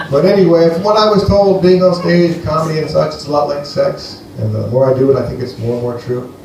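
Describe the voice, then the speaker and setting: A man from Greece doing a rambling, deadpan stand-up set for a live audience at a comedy venue. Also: on the high side, gravelly, distant mic, background noise. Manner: rambling, deadpan, playful with the crowd. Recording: echoey live room, heard from afar.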